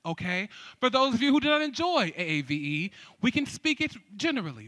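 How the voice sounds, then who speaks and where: A man's voice: sits high, very animated, moderate pace, hardly any pauses, pushed and bright, no room sound. A man emceeing a poetry slam on a theater stage, doing playful hype crowd-work with teasing asides. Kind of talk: live event hosting.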